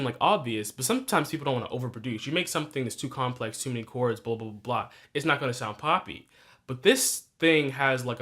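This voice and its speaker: A man's voice: medium pitch, bright, forceful tone. Rambling, profane young man reviewing music. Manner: rambling, profane, self-correcting, laughs at himself. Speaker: podcast host reviewing new music. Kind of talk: casual solo music review.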